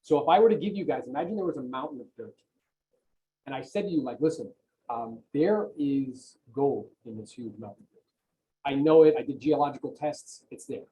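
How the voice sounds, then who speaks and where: Guy coaching folks on a video call, mellow tone, pumped up and punchy, keeps saying right. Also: medium pitch, fairly quick, a little hiss or hum, rough recording. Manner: emphatic and motivational, often asks "right?". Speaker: real estate coach, guest on a video call.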